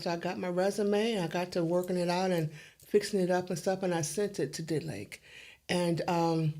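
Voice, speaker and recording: A middle-aged woman, an interview guest, telling her story in an animated way and acting out the dialogue. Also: lowish voice, moderate pace.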